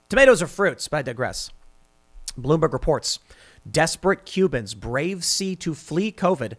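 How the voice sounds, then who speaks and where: A man hosting a podcast, delivering a sarcastic, animated political commentary monologue and often repeating words as he restarts sentences. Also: mid-range voice. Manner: animated, sarcastic, mocks opponents in put-on voices. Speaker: podcast host.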